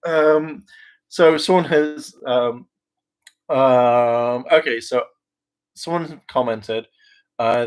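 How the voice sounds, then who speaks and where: A man with a medium-pitched voice vlogs in a very slow, smooth delivery, pausing often, on a low-quality recording. He's a vlogger and hopeful actor who rambles casually and mocks himself, filling his talk with fillers, laughs, mimicked voices and the occasional swear word.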